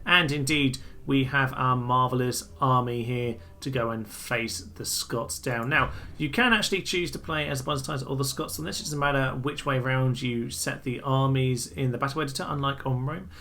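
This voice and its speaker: A man giving casual, amused commentary over a strategy game, chatty and full of quick asides. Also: medium pitch, sharp tone. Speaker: gaming channel host.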